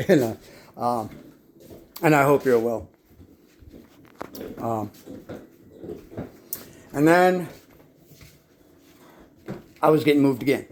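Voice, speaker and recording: A man's voice: mid-range voice, expressive, takes it slowly, long pauses, a little hiss or hum. A man telling his life story in a rambling, casual monologue, swearing constantly and often stumbling and repeating words as he restarts his sentences. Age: adult.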